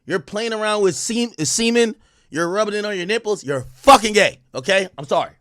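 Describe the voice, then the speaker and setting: A man, animated and profane, reacting to news on a livestream and reading out testimony. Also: fairly quick, no room sound, studio quality. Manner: animated, swings from loud outbursts to low mutters; profane, reads court testimony aloud. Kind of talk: casual livestream commentary.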